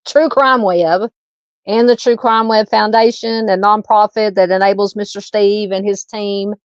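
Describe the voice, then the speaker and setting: A woman's voice: medium pitch, fairly even intonation, measured pace, smooth, no echo. A woman with a Southern US accent hosting a true crime livestream, chatting casually with many ums and uhs while reading viewer comments. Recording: dull lo-fi dry home mic.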